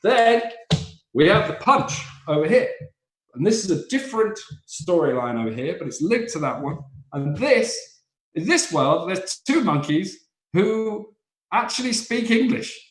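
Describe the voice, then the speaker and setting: A man's voice: sits high, big pitch swings, measured pace. A man teaching stand-up comedy, explaining how jokes work and acting out silly little voices. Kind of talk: explaining joke structure, live online session. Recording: echoey room.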